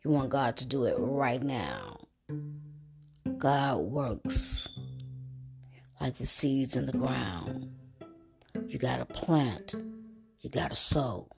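A woman's voice: very deep voice, expressive, takes it slowly, gravelly, pauses often. A woman reading a children's storybook aloud and turning it into an informal sermon, in a folksy manner that calls the listener "baby". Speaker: storyteller and lay preacher. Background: guitar music.

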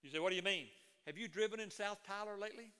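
A man's voice: high-pitched, fast, sharp tone, clear, resonant tone, long reverb tail. A middle-aged man preaching a sermon as a pastor, moving between folksy stories and emphatic proclamation.

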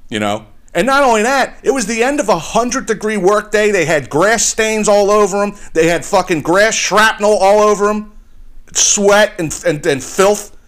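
Man ranting, fast and profane. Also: sits high, animated, a bit bright. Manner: heated, swearing, repeats himself. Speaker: podcast host.

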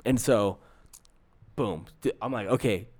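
Animated man telling a story. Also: lowish voice, unhurried. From San Francisco area. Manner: animated storyteller, acts out quotes, many restarts. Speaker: podcast co-host. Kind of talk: casual storytelling chat.

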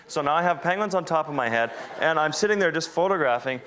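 A wildlife photographer giving an animated, self-deprecating storytelling talk to an audience. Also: male voice, fairly high pitch, fast talker. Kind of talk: storytelling presentation.

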